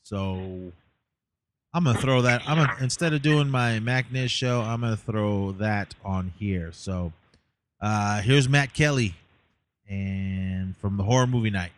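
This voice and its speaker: A man's voice: on the low side, unhurried. A tired man casually recapping his day as a podcast host, rambling with many fillers. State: tired, yawning.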